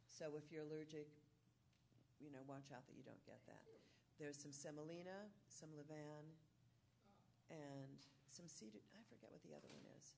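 A woman's voice: sits low, normal speed, creaky, mellow, a little hiss or hum. A woman baker answering questions onstage in an earnest, reflective way. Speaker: baker and author, interview guest. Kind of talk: onstage interview.

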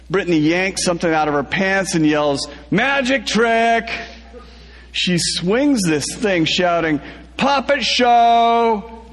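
A man's voice: fairly high pitch, in a large hall. A man reading a first-person story aloud, laughing through the telling.

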